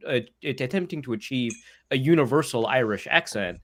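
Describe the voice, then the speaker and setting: This is a football writer in easygoing podcast chat, his voice sitting at an ordinary male pitch. He is an animated storyteller who acts out the dialogue in his anecdotes, with plenty of casual fillers. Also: normal speed.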